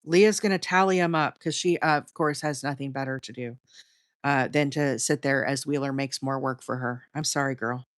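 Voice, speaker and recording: A woman's voice: extremely low pitch, normal speed, dry recording, clean studio sound. Chatty Southern woman hosting a livestream. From Alabama, US. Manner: chatty, rambling, talks straight to the chat. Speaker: crochet livestream host. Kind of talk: casual live-stream chat while crocheting.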